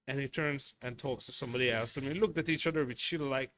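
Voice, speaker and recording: Talking quickly with hardly any pauses, this Hungarian-accented man has a mid-range, fairly bright voice. He hosts a craft shop livestream from a workshop, ranting in blunt casual chat, swearing heavily and rambling with frequent restarts.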